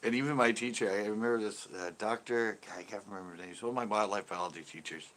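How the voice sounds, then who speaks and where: Fairly low-pitched yet a bit bright, a fishing channel host talks quickly on a casual live stream. He spins rambling stories, laughs frequently, and reads viewers' comments aloud.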